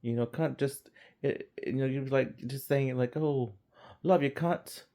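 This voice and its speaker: A man's voice: fairly even intonation, measured pace, warm tone, lightly acted. A man voicing a flustered grown man who stammers out an apology after a crude slip. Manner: stammering, sheepish, pitched up.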